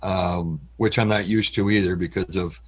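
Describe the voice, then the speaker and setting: Middle-aged male interview guest, low husky voice, halting and heartfelt, voice prone to cracking. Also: fairly even intonation. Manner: halting, earnest, pauses often. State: voice cracks with emotion. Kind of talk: candid personal interview.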